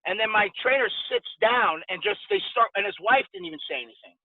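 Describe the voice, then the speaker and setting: A man in his forties, a podcast guest, casually telling lively stories and acting out the dialogue. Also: very high voice, fast, gravelly. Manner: animated anecdote-telling with quoted dialogue. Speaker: podcast guest, former boxer. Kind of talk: casual storytelling interview. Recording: dry, tinny phone-like sound.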